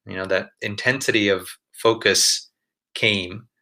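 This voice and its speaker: Lowish, bright-toned man explaining calmly. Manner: measured, explanatory, defines terms with examples. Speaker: doctor describing a near-death-like experience. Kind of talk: explanatory interview talk.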